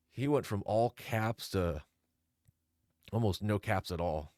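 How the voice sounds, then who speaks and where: A man's voice: on the low side, slow, pauses often, a little mellow, no echo, studio quality. A man giving casual reaction commentary, reading messages aloud in a sarcastic, mocking, exasperated way.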